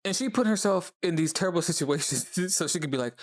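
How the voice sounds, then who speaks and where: A man hosting a casual reaction video, chatting and laughing as he mimics characters in quick asides. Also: on the high side, expressive.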